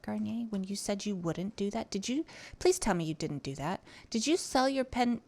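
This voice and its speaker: A woman's voice: medium pitch, lively intonation, normal speed. A woman streamer chatting casually with her viewers while gaming, teasing and cursing freely.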